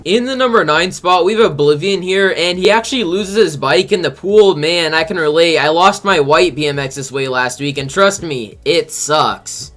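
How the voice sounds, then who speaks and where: Casual gaming host, male, high voice, loose and rambling, fills his talk with "like". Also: moderate pace, hardly any pauses, a bit bright. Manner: rambling, heavy use of "like". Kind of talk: casual gameplay countdown commentary.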